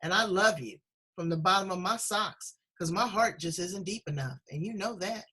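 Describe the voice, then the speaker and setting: A woman's voice: lowish voice, moderate pace, pushed and bright, husky, poor audio. A woman hosting a casual chat show over a video call, effusive and encouraging, speaking with strong emotion. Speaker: host.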